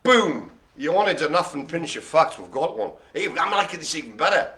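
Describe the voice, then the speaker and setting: A man hosting live dog bingo speaks at normal speed in a slightly high, sing-song voice with a sharp tone. He's a theatrical, jokey showman who laughs a lot as he calls the cards, and colleagues are present in the room.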